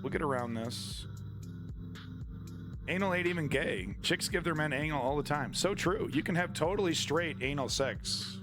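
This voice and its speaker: A man's voice: on the high side, normal speed, over music. Crude, mocking male livestream commentator. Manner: irreverent, crude and mocking, laughs often.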